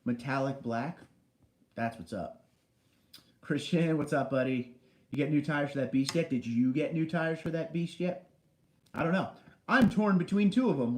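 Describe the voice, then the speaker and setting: A man's voice: medium pitch, reverberant, poor audio. A man hosting a casual livestream, reading viewer comments aloud and answering them from a large basement room. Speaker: livestream host.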